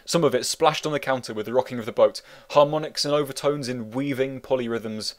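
A man who wrote the book, reading it as an audiobook narrator in a wry, meandering, deadpan way. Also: medium pitch, brisk.

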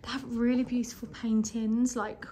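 A bubbly young woman in her twenties, speaking a little higher than most, chats through a casual travel vlog. She is slightly out of breath and gushes over everything she shows. A faint hiss of background noise sits under her voice. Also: moderate pace. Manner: chatty, bubbly, easily excited. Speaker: vlogger. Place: hotel room in hot weather.

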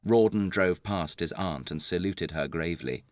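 A man narrating a story for English learners in a measured, clear reading. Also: sits low, dry recording, clean studio sound.

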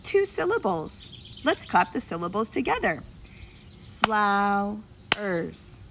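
A woman teaching preschoolers in a lesson video, talking in a slow, encouraging sing-song and stretching out words to clap their syllables. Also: mid-range voice, background noise. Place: outdoors on a summer day.

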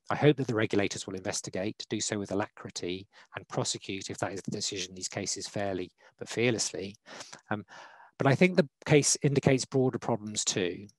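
A man speaking as a law panelist in a formal online talk, measured and hesitant with frequent fillers, on a video call. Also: fairly low pitch, dry recording, low-quality recording. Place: online webinar.

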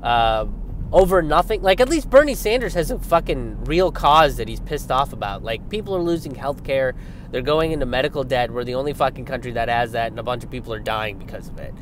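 Young male commentator, sarcastic and profane, mid-pitch, faint street noise behind. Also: lively intonation, fairly quick. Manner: sarcastic, profane, mocking impressions of others. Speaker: political commentary host. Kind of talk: ranting political commentary.

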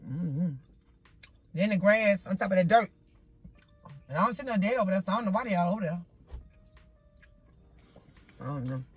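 Woman vlogger, breathy middle-pitched voice, chatting over food outdoors into her phone, faint music behind. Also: animated, moderate pace, long pauses, no echo. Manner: chatty and folksy, drawls "child" and "y'all"; talks while eating. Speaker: vlogger eating on camera. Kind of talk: casual chatty mukbang vlog. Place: outdoors in a parking spot. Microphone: phone camera.

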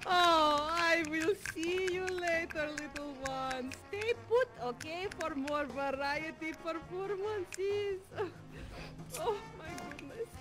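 An actress playing a dramatic, sentimental Russian ballerina turned dance instructor in a live virtual theater show, speaking with a Russian accent. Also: female voice, extremely high pitch, over music. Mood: gushing farewell. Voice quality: theatrical, sentimental, drawn-out phrasing. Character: dramatic Russian woman ballet teacher, gushing.

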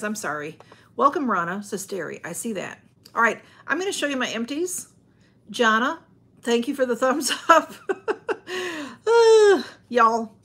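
Lady rambling on a home livestream, kinda husky, a bit high. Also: fairly bright tone. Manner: rambling, chatty, greets viewers and reads comments aloud. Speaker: livestream host. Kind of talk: casual livestream chat.

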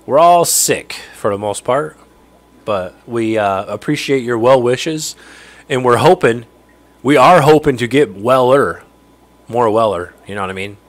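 A chatty middle-aged man hosts a relaxed livestream from his home fishroom. He rambles through viewer messages and laughs easily. His pitch sits squarely in the ordinary middle range. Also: a little slow. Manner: rambling and chatty, answering viewer chat and chuckling. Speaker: livestream host. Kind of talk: casual livestream chat.

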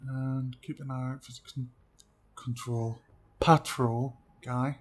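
A man's voice: medium pitch, little pitch movement, takes it slowly. Man chatting over a stealth game. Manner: chatty, drops to quiet muttering while sneaking. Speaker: let's play gamer. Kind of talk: casual gameplay commentary.

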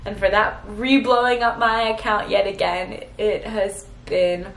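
A woman's voice: mid-range voice, measured pace, reverberant, slight background noise, rough recording. A woman in her twenties talking to the camera in a sentimental, rambling vlog, close to tears and full of fillers. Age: 20s. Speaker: vlogger.

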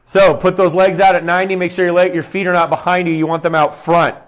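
A man's voice: sits high, level tone, fast talker. A young man, a fitness coach, leading a guided exercise session, counting reps aloud and giving short, upbeat cues. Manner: talks quietly to avoid shouting into the mic.

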